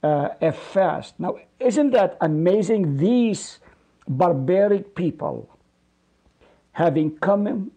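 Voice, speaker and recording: A middle-aged pastor leads a Bible study in a slow, unhurried voice with a gravelly edge. His tone is dark and mellow but slightly husky, and he sits a little above most men in pitch. He preaches earnestly, stacking repeated phrases for emphasis. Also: lively intonation. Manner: explains Hebrew words slowly, drawing them out. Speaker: pastor, guest Bible teacher. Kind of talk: radio Bible study teaching.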